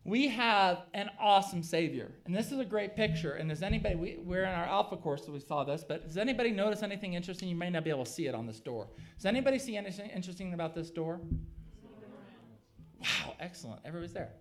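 A man's voice: high voice, animated, fast. A middle-aged man preaching a sermon, talking casually and building to emphatic peaks. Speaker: pastor.

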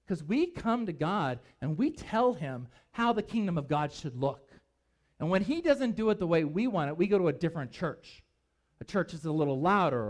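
A man preaching a sermon as pastor, emphatic and animated, with conversational asides. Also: high voice.

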